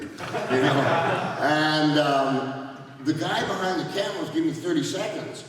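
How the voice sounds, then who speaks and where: A man's voice: fairly high pitch, lively intonation, moderate pace, background noise. A man telling rambling stories as a panel guest, laughing often as he talks, in a large convention hall. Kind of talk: anecdotal storytelling at a fan panel. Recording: echoey hall, voice from far off.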